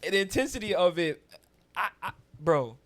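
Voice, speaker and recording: A man's voice: high voice, moderate pace. Man hosting with laid-back slangy banter. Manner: relaxed slangy talk, hypes up guests with shout-outs. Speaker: podcast host. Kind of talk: casual interview chat. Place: recording studio.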